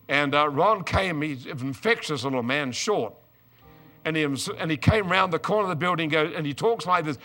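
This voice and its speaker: An older man preaching a storytelling sermon, moving from quiet asides to loud, excited outbursts. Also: fairly high pitch.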